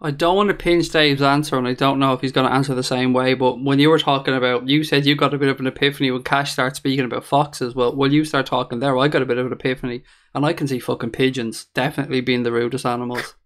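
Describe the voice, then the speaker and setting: A man's voice: medium pitch, flat delivery, fast talker, few pauses, fairly bright tone. A man hosting a casual fan podcast, reading listener questions and teasing his co-hosts in friendly banter. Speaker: podcast host. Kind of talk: casual chat.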